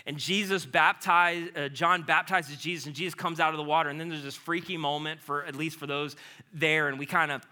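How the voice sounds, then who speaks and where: High, bright-voiced animated male preacher. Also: brisk. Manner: animated, swings from loud urgency to hushed low delivery. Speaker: pastor. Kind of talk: sermon.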